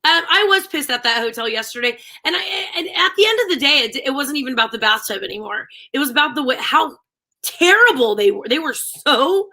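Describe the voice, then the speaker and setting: A woman co-hosting a live stream, chatting casually and telling animated, ranting stories. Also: sits high, a little fast. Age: adult with a daughter. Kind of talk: casual chat.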